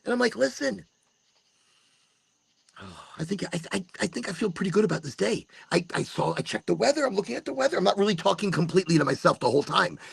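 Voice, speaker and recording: A gravelly, slightly husky man in his forties talks in a loose podcast monologue. His pitch swings widely as he acts out his own thoughts. The sound is dry and close. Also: very fast, few pauses, dry recording. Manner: animated, swears, acts out his own inner talk. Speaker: podcast host. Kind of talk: casual monologue.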